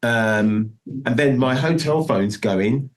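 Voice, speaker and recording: During a casual interview, a middle-aged guest musician slowly recounts a long story in a mid-range voice. The telling rambles, with many restarts and repeated "do you know what I mean."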